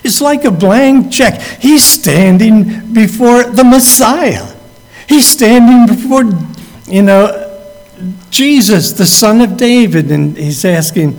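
A man's voice: high voice, expressive, slow, gravelly, a little mellow. A man preaching a sermon, acting out the figures in the story as he tells it. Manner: acts out the quoted speakers as he tells the story. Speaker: pastor. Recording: long hall reverb.

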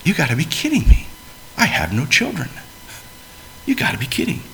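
A man's voice: a little high, huge pitch swings, normal speed, vocal fry, exaggerated voice, poor audio. A male preacher voicing a bewildered old man who mutters in disbelief. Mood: incredulous mutter. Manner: muttering, incredulous.

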